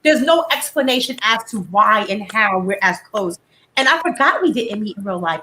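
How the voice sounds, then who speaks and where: A woman hosting a casual live beauty stream from home, chatty and animated, full of "like" fillers. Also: mid-range voice, moderate pace, a little hiss or hum, low-quality recording. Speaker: host of a live beauty chat.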